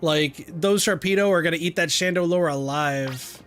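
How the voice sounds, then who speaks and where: A young man streaming a game, chatting casually with self-mocking, animated remarks. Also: a little high, moderate pace, soft background music. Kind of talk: casual gameplay commentary.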